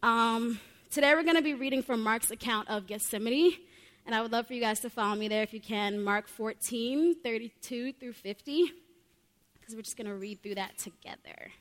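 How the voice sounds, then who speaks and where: A young woman with a fairly high voice preaches a sermon at a moderate pace, heartfelt and earnest, often dropping "like" between her thoughts. The long reverb of a large hall surrounds her.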